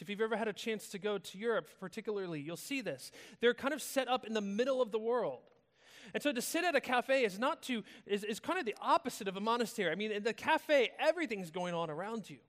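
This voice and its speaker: An American man preaching a sermon in a relaxed, conversational storytelling manner, telling stories casually. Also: high voice. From United States. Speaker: pastor. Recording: long reverb of a large hall.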